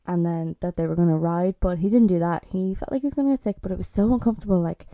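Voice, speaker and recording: A woman's voice: on the low side, fast talker, warm tone, no room sound. A young Irish woman in her twenties, chatting casually and with exasperation as a vlogger reviewing a TV series. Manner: chatty and exasperated, lots of fillers.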